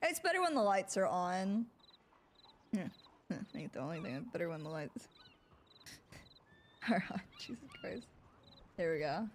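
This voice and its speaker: A woman streaming a roleplay game, chatting casually to her viewers in an animated, giggly way. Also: lowish voice, measured pace, long pauses, slight background noise.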